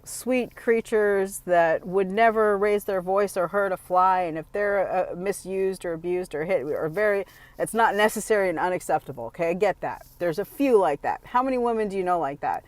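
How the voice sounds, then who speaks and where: Talking straight to the camera, this vlogger delivers an offhand monologue full of strong opinions, forceful and direct, and keeps restarting sentences. She has a mid-range voice with no room sound.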